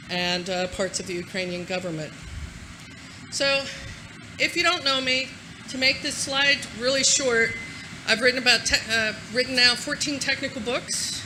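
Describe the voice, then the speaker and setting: Brief: a high-voiced woman, a lively and salty conference speaker, live in a hall with audible noise. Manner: energetic, casual, swears freely. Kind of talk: conference talk.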